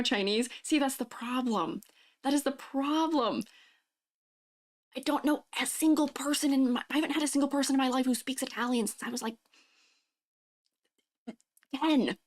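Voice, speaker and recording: A giggly woman chats on a live stream, answering her viewers one message after another. Her voice sits a little high, and she laughs easily, often mid-sentence. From United States. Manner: giggly, chatty, answers chat messages aloud. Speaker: vtuber streamer reading chat. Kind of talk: casual live-stream chat.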